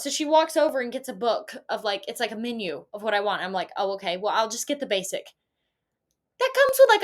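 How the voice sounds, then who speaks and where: A young woman vlogger telling a storytime rant in a profane, sarcastic, self-mocking way. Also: fairly high pitch.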